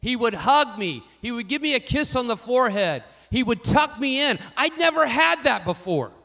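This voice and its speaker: A man preaching a sermon, telling personal stories and swinging from quiet asides to louder emphatic lines. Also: extremely high pitch, sing-song, moderate pace, vocal fry. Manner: storytelling, varies loudness widely, rising for emphasis. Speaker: pastor.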